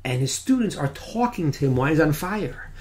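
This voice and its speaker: A man teaching a Torah lesson as an animated storyteller who drops to a hushed near-whisper at dramatic moments. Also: on the high side, a little fast.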